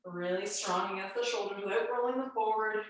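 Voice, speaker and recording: Speaking briskly in a medium-pitched voice that sounds congested and nasal, a woman leads a home exercise class through each move with chatty reassurance. She is far from the distant camera mic, and heavy echo fills the room.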